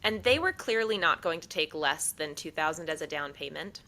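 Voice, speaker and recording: A woman's voice: low voice, lively intonation, normal speed, sharp tone, rough recording. A young woman co-hosting a podcast, telling a long story in casual chat and acting out the people she quotes. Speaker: podcast co-host.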